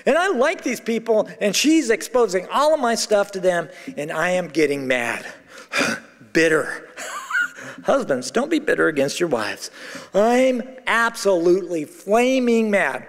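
A man's voice: high voice, big pitch swings, unhurried. A middle-aged man preaching a sermon as pastor, telling a story animatedly and acting out the dialogue. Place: large church sanctuary. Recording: long hall reverb.

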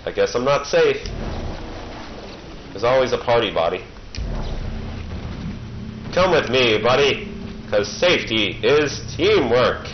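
A man's voice: mid-range voice, animated, takes it slowly, long pauses. A man giving casual joking commentary while playing a video game, rambling and playful. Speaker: let's-play gamer. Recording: muffled with game noise behind. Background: game sounds.

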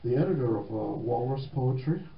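Brief: male radio host, mid pitch, relaxed and chatty, muffled roomy sound. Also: a little fast, a little hiss or hum. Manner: casual, loose, with fillers. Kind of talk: community radio interview.

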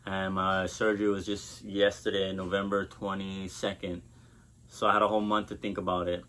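A man's voice: low voice, completely flat delivery, moderate pace, fairly bright tone. A man vlogging from Hawaii, talking casually to camera and telling a personal story with loose, profane chatter.

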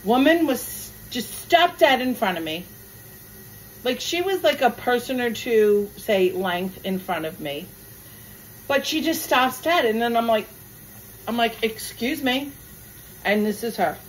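A woman's voice: a little high, animated, unhurried, slight background noise, poor audio. A woman chatting casually in her home kitchen as she cooks and vents about her pet peeves. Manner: chatty, venting pet peeves while cooking. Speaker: cooking vlogger. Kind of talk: casual kitchen vlog chat.

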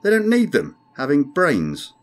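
A man's voice: fairly high pitch, wildly swooping pitch, unhurried, pitched above the performer's own voice. Man doing Morfad, a grim, sardonic alien crewman. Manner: dry, insistent, ominous.

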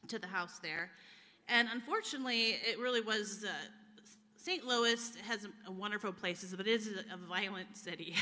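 In an echoey church hall during a live-streamed service, an American woman from the USA shares her personal testimony as a guest speaker. Her mid-range voice has a sharp tone, and she speaks candidly and emotionally, using frequent fillers.

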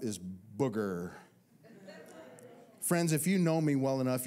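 A pastor with a mid-range voice preaches a sermon built around a comic personal story. He delivers it with lively swings and self-mocking humor.

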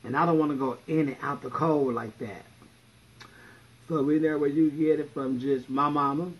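A man's voice: a little high, steady tone, normal speed, breathy edge, low-quality recording. A man in drag livestreaming from home, telling stories with a blunt, profane, sassy manner. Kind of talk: casual livestream storytelling.

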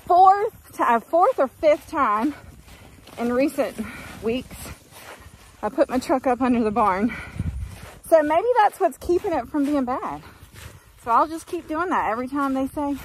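A woman's voice: sits high, slight background noise. A middle-aged woman vlogging casually from her farm, chatty and folksy as she rambles along. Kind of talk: casual vlog chat. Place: outdoors on a farm.

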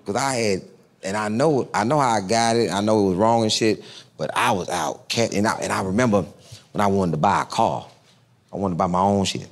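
A male comedian from Texas telling a profane, animated stand-up story. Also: lowish voice, a little fast.

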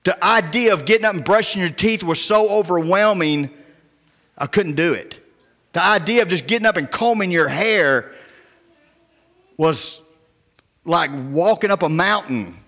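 A male pastor preaches in a folksy, down-home manner, slipping into quiet, hushed tones as he tells his stories. His voice sits on the high side for a man. The long reverb of a church sanctuary trails after his words. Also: expressive, unhurried, long pauses. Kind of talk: sermon.

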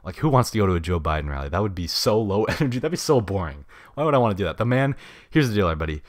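A man hosting a casual solo podcast, blunt and slangy, swinging between loud opinionated bursts and mumbled asides. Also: sits low, big pitch swings, racing, no echo, clean studio sound. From United States. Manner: slangy and blunt, heavy on "dude" and "bruh". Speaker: podcast host.

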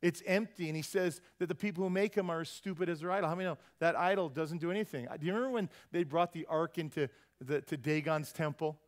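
A man's voice: on the high side, fast talker. A man preaching a sermon at a church service, folksy and joking, constantly quizzing the congregation with questions. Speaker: pastor.

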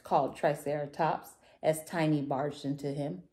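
Slow, expressive woman reading to children. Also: low-pitched. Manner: warm, expressive and sing-song. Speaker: children's story reader. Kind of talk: read-aloud storytelling for kids.

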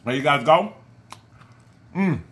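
A man hosting an eating vlog, casually and affectionately giving shout-outs to his fans and stumbling over names as he corrects himself. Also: a little high, expressive, slow. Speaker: mukbang channel host. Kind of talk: casual chat to viewers while eating.

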